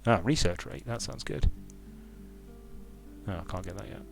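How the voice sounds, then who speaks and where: A man's voice: lowish voice, moderate pace, vocal fry, over music. A man giving casual commentary while playing a strategy game, thinking aloud with frequent restarts and repeated words. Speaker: streamer and game designer.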